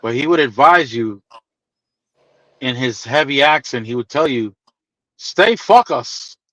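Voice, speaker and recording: A man's voice: medium pitch, moderate pace, sharp tone, no echo, poor audio. A man in casual group chat, telling stories in a playful, teasing way.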